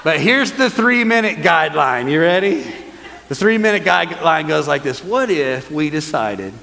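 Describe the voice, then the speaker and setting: A man preaching a sermon as pastor, lively and calling on the congregation to answer back. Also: on the high side, moderate pace, vocal fry, big-room sound, poor audio. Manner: lively, calls for congregation responses. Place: church hall.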